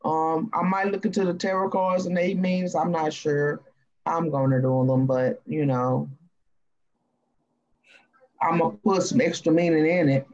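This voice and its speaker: A woman with a Cajun accent hosting a casual live stream, rambling in a folksy way with drawn-out fillers. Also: low voice, fairly even intonation, a little mellow, muffled recording. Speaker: live-stream host reading cards.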